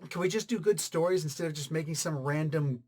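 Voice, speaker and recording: A man's voice: a little high, fast talker, a little mellow. A middle-aged man giving a casual spoken comic book review, thinking aloud and reacting as he reads.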